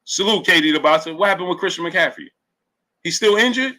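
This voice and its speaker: High, bright New York man riffing. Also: brisk, rough recording. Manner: animated, talks straight to chat, reads comments aloud. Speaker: sports show host. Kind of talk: casual live-stream commentary.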